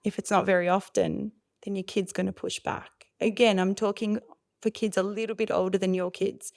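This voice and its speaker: Gravelly, expressive woman parenting coach. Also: medium pitch, moderate pace. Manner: expressive, acts out voices of parents and kids. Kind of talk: animated explaining in a podcast interview.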